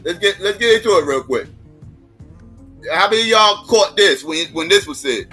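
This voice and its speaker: A heated male stream host rants at his viewers in a blunt, repetitive, profane way. His voice sits high and sounds bright and forceful. Faint music plays under him. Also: lively intonation, normal speed, husky. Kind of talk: profane political commentary.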